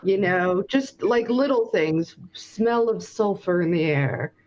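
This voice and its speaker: A woman playing a tabletop game, slowly thinking aloud about her spells. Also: mid-range voice, expressive, crowd noise. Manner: slow and thinking aloud, reading from her sheet. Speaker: player. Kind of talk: casual tabletop game chat. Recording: dull lo-fi sound with faint noise.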